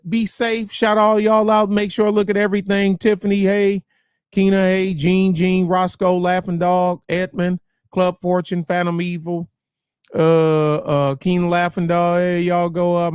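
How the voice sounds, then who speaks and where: Blunt, rambling livestream host, dry sound. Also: male voice, high-pitched, monotone, unhurried, a little mellow, clean tone, no echo. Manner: blunt, profane, repeats and restarts phrases.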